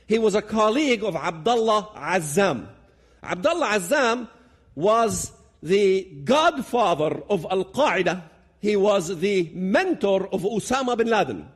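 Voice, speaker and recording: A man gives a dramatic public talk. His voice sits high for a man and swings widely as he pushes each point hard. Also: animated, measured pace, slightly rough. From Palestinian territories. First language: Arabic. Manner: dramatic, emphatic, builds to loud peaks. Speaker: public speaker.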